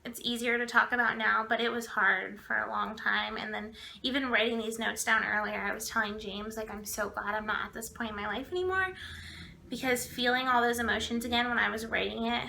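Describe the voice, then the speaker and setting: Bright, gravelly young woman vlogging. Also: a little high, steady tone, brisk, slight background noise. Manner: chatty, full of "like" fillers, acts out quoted people. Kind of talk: personal storytelling to camera.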